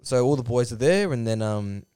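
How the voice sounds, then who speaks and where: A man's voice: mid-range voice, lively intonation, moderate pace, mellow, clean tone, dry recording, studio quality. An Australian man co-hosting a podcast, casually retelling a story with lots of ums and laughs. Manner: rambling, many fillers, laughs while telling. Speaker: podcast co-host.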